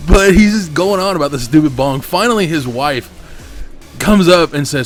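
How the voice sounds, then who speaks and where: A man's voice: on the high side, animated, normal speed, faint music behind. A man hosting a gaming channel, telling a long personal story over his gameplay in a candid, swearing, rambling way, on a desk mic at home.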